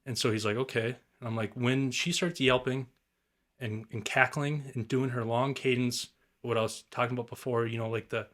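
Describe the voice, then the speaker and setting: Relaxed and informal, a young guest turkey hunter rambles through his stories on a podcast in a middle-pitched voice at normal speed. He mimics turkey calls and throws in an occasional curse word.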